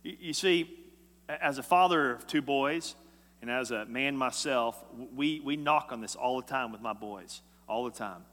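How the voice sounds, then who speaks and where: A man preaching a sermon as a pastor, emphatic and swinging between loud and hushed lines. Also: medium pitch, normal speed. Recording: echoey hall.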